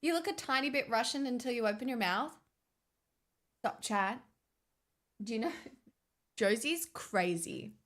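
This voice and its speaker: A woman's voice: on the high side, lively intonation, unhurried, long pauses, fairly bright tone. Chatty, sarcastic young woman streamer. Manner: chatty, sarcastic, bantering with chat. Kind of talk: casual livestream chat.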